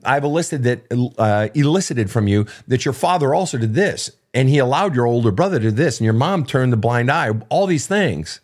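A man's voice: medium pitch, animated, brisk, few pauses. A man hosting an unscripted advice show, answering listener questions in a blunt, emphatic way, with frequent profanity and repetition.

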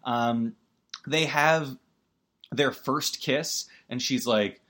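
A man's voice: mid-range voice, drawn-out words, a bit bright. A man giving a casual, rambling movie recap as a podcast host, full of fillers and wry emotion.

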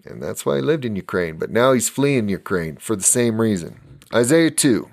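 A man's voice: fairly low pitch, expressive, moderate pace, creaky, no room sound, studio quality. An American man preaching a fiery live-stream sermon for his podcast, emphatic and tired. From United States.

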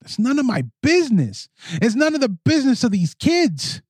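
A man's voice: very high-pitched, moderate pace, breathy edge, no echo. A man hosting a podcast, reading a letter aloud and then ranting indignantly, with mocking impressions of the other side. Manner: animated, indignant, mocking put-on voices. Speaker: podcast host. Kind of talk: opinion podcast monologue. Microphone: studio microphone.

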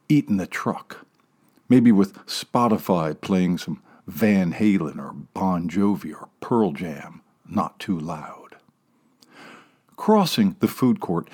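Slow, wry male audiobook narrator. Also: fairly low pitch. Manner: wry, sardonic, dips into hushed asides. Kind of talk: scripted narration.

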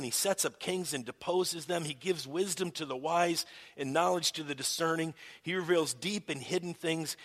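A middle-aged man preaching a sermon to his congregation, swinging between hushed, soft passages and loud, emphatic ones, with frequent restarts. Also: a little high. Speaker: pastor.

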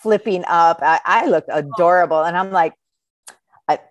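A woman in her fifties chats on a podcast and tells stories with animated energy, slipping into children's voices. Her voice sits a little low. The sound is dry and close. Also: moderate pace, no echo, lo-fi sound. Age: 50s. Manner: animated storyteller, acts out voices of kids. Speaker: podcast co-host, school counselor. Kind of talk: casual chat, storytelling.

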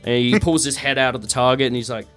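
A man narrating a tabletop game as game master, animated and hesitant. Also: medium pitch, fast, faint music behind.

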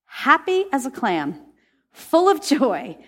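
A Christian speaker with a high voice talks slowly as she shares a heartfelt faith testimony with listeners. She's earnest and emotive, and she laughs when she gets excited.

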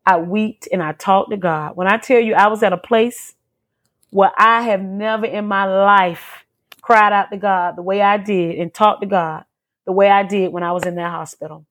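A woman tells her personal testimony in an earnest, emotional way, circling back and repeating phrases as the story pours out. Her voice sits in a middle pitch, neither high nor low. She speaks as an interview guest, plainly and from the heart. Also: fairly even intonation, normal speed, a bit bright.

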